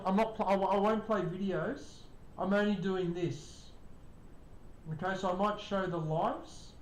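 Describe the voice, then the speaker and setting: An older streamer chats casually with live viewers, greeting them by name, in a steady tone at a measured pace. The room is echoey, with a faint rumble underneath.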